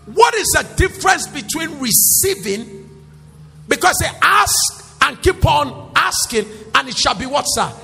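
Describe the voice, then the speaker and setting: A male pastor preaching a sermon in call-and-response style, rising to shouts. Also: very high voice, very animated, a little slow, vocal fry. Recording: echoey hall with faint music.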